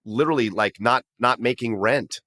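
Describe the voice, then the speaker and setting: A middle-aged man co-hosting a podcast, chatting in an animated way with stammered restarts. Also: mid-range voice, normal speed. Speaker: podcast co-host. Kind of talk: casual chat.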